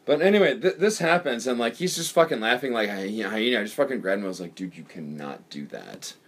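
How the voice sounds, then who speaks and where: A man's voice: mid-range voice, fast. A man hosting a podcast, telling a story in a rambling, profane way full of stuttering restarts. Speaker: podcast host. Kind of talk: casual storytelling chat.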